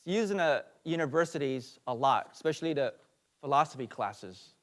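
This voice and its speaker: A man's voice: medium pitch, lively intonation, fairly quick. Pastor type, earnest lecturing delivery, mid-range male voice, some fillers. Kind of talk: teaching sermon.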